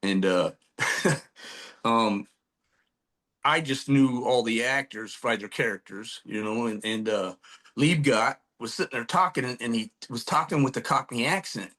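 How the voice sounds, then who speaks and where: A man's voice: mid-range voice, unhurried, pushed and bright. A middle-aged man, a former military trainer, telling rambling, profane stories with frequent laughs as a podcast guest. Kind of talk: casual storytelling chat.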